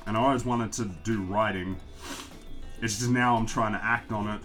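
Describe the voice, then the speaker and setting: Speaking in a lowish, fairly even, somewhat bright voice at a normal pace, an Australian man chats on a livestream while drawing and answering questions from chat. He rambles, teases himself, and laughs a lot over soft background music.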